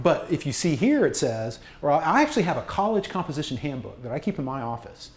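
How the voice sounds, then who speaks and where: A man's voice: mid-range voice, darkish tone. A man leading a workshop on writing, chatty and self-deprecating, often restarting his sentences. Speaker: university communications workshop presenter. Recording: echoey room.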